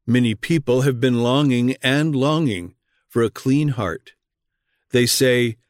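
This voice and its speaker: Male reader, mid pitch, earnest read-aloud sermon that presses questions on the listener; dry, roomless recording. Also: slow pace, no echo.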